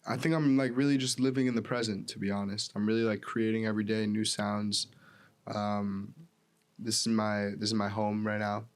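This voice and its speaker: Young guy guesting on a podcast, lowish voice, pretty monotone, says "like" and "um" a lot. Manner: soft-spoken and hesitant, pausing with "like" and "um". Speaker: musician guest. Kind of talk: casual podcast interview.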